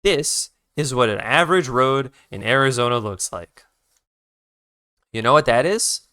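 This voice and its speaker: A streamer recounts a long drive while sketching on a live stream, ranting and cursing at other drivers. The voice is bright and swings widely in pitch, and it sounds dry and close to the mic. The streamer often stops to restart sentences while redrawing. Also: animated, unhurried, dry recording. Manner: profane, ranting, retells the conversation in others' voices. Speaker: art streamer. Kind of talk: casual story time while drawing on a live stream.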